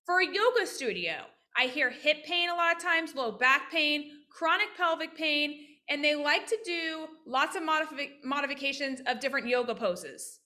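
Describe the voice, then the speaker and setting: A woman physical therapist teaching practice owners on a video call, lively and interactive, often asking questions. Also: high voice, normal speed, few pauses. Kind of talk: casual online teaching with role-played examples.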